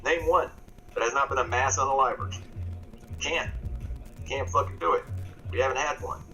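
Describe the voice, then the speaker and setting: A man's voice: medium pitch, normal speed, bright, forceful tone, faint music behind, low-quality recording. A man in casual group banter on a video stream, talking in a profane, emphatic way about politics.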